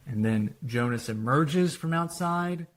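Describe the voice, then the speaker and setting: A man, a screenwriter, walking through a screenplay treatment in a lively retelling that quotes the characters. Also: on the high side, measured pace. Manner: animated retelling, quoting characters.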